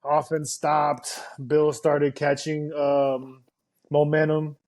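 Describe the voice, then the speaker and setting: Brief: male podcast co-host, slightly higher voice, eager casual game recap. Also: level tone, takes it slowly, darkish tone. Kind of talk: casual sports chat.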